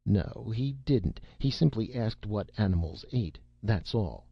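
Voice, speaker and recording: A man voicing a firm, patient businessman father who questions his son in measured tones. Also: on the low side, lively intonation, gravelly, breathy edge, no room sound, highs cut off, pitched above the performer's own voice, heavily acted. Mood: stern.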